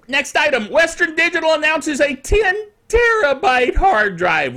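A man's voice: a little high, bright, forceful tone. A middle-aged man hosting his own netcast in a casual, jokey way, with playful asides. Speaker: podcast host. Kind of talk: casual solo netcast chat.

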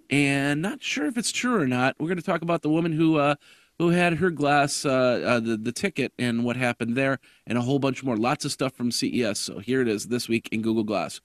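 Man, raspy, hoarse, podcast host, rambling, fillers, dry close sound. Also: on the high side, no room sound. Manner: rambling, with many fillers and restarts. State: hoarse with a cough. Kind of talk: casual tech podcast chat.

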